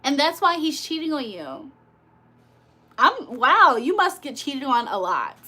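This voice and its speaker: A woman's voice: sits high, very animated, unhurried, sharp tone. A woman hosting a casual livestream, talking to her viewers in a blunt, profane, confrontational way. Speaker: livestream host. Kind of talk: casual live chat to viewers.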